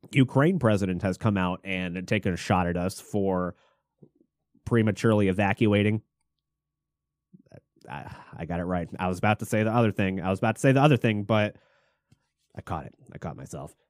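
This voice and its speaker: A man hosting a podcast, casually riffing on current news with jokes and swearing, trailing off into mumbles between louder bursts. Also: fairly low pitch, moderate pace, long pauses, no room sound, studio quality. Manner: jokey, irreverent, swears freely. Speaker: podcast host.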